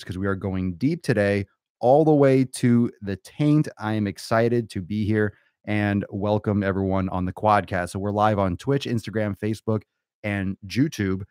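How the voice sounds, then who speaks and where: Loud-mouthed guy hosting his podcast solo, cussing nonstop, kinda low voice, dry sound. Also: no room sound. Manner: brash, crude and theatrical, swearing constantly; stretches words out for emphasis. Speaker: podcast host. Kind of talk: profane comedic podcast monologue.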